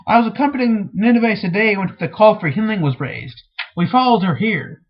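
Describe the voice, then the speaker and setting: A man reading the lines of a formal, slow-spoken foreign woman offering her service, in a dull, lo-fi recording, with a husky voice. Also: high voice, expressive, pitched above the performer's own voice.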